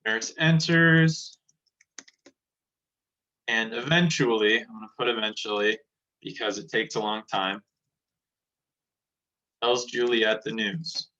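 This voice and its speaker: A man's voice: fairly low pitch, slow pace, pauses often, sharp tone, lo-fi sound. A male teacher casually explaining a play scene by scene, retelling it in everyday words.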